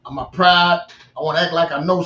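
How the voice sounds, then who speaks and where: A man telling a long personal story in a casual interview, animated, restarting and repeating himself. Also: a little high, a little fast, slight background noise. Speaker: guest. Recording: roomy, distant, dull-sounding mic.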